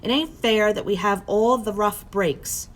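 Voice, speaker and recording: A woman's voice: medium pitch, expressive, normal speed, lightly acted. A woman reading aloud, voicing a hurt, bitter teenage boy with a raised, heated delivery. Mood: passionate.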